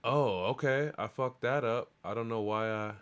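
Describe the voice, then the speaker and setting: A man's voice: medium pitch, moderate pace, clear, resonant tone. A man hosting a live stream, chatting in a loose, rambling, profane and hyped way. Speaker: livestream show host. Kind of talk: casual live-stream chat.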